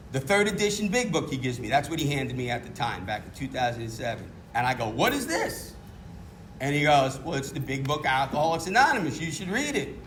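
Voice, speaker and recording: With a fairly high, somewhat bright voice, a middle-aged New York man gives honest, self-mocking testimony about his recovery to a meeting. Slight background noise can be heard.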